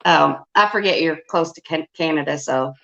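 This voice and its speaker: A woman's voice: low-pitched, normal speed, vocal fry, bright, forceful tone, highs cut off. A woman chatting on a live stream in a teasing, playful way. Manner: teasing, playful, laughs often. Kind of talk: casual live stream chat.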